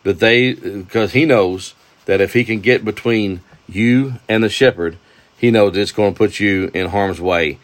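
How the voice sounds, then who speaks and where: A man's voice: on the low side, measured pace. A man teaching a devotional Bible lesson, folksy and enthusiastic, often asking rhetorical questions. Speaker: preacher.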